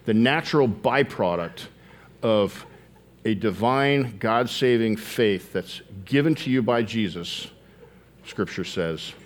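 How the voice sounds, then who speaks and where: Earnest low-voiced male preacher. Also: takes it slowly, a little hiss or hum. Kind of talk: sermon.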